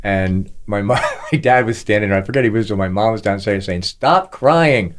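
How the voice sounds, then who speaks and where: A man's voice: on the low side, a little fast. A middle-aged man hosting a podcast, chatting casually and acting out quoted voices as he tells stories. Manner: animated storyteller, acts out quoted voices. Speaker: podcast host. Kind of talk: casual chat.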